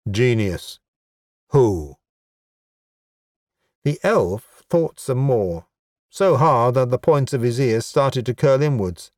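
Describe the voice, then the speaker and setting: A man's voice: medium pitch, animated, measured pace. A male narrator reading a comic fantasy story in a dry, understated way. He takes his time over each line, and the recording is close with no room echo. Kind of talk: audiobook narration.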